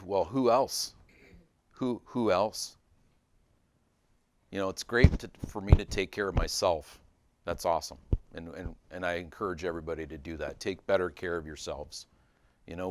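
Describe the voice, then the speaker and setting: A man's voice: low voice, no room sound. A man giving a casual spiritual talk to a small audience, rambling, with many restarts and fillers. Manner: rambling, many restarts and fillers, animated when telling a joke.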